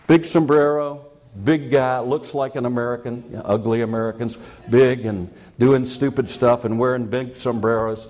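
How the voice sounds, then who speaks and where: A man's voice: medium pitch, darkish tone. A man preaching a sermon, telling a personal story in a chatty, self-mocking way and chuckling at his own jokes.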